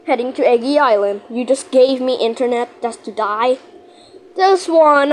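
Female gaming host, wide-ranging voice, excitable play-by-play with frantic repeats. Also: sits high, a little hiss or hum. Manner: excitable, panicky outbursts and shouted countdowns; repeats phrases rapidly under pressure. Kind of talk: live gameplay commentary.

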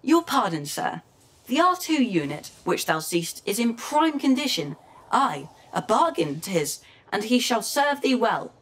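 A woman's voice: medium pitch, sing-song, measured pace, fairly bright tone. A woman voicing a fussy, anxious male protocol robot in an amateur verse audio drama, speaking in a formal, prim way. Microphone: home computer mic.

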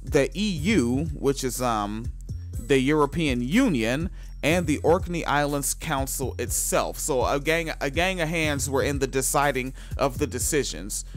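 In a mid-range voice, a male podcast host stumbles through reading a news story aloud, packed with filler words. He repeatedly interrupts himself with loud, foul-mouthed tangents.

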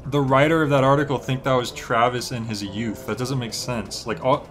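A man's voice: medium pitch, steady tone, moderate pace, a bit bright, faint music behind. A young man chatting casually while streaming a game, rambling with lots of filler words. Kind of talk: relaxed gameplay stream chat.

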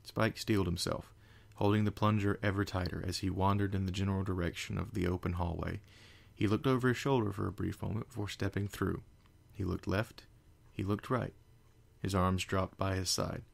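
A man's voice: low voice, steady tone, moderate pace, gravelly. A man reading fan fiction aloud in plain storybook narration, with small slips and restarts. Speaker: reader.

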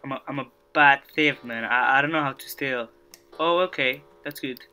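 A man's voice: mid-range voice, moderate pace, sharp tone, clear, resonant tone, faint music behind. A young man giving gameplay commentary, muttering to himself, stammering, panicking and swearing as he plays. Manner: jumpy, panicky reactions with frequent swearing and repeated phrases. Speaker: gaming YouTuber.

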